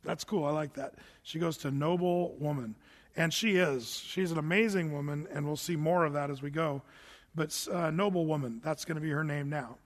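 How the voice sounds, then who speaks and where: A man's voice: a little high, fairly even intonation, moderate pace, long reverb tail. A man preaching a sermon, teaching through Bible verses in a conversational way with joking asides. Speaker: pastor.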